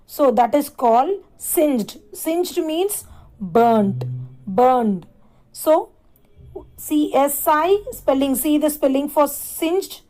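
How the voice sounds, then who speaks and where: Woman, teacher, high voice, slow, spells and repeats words. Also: warm tone, low-quality recording. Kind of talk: classroom lesson.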